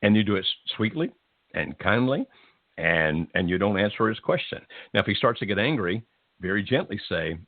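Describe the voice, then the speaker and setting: A man hosting a call-in show, giving gentle, reassuring advice at a calm, steady pace. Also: on the low side, normal speed, dry recording, phone-quality sound. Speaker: radio advice host.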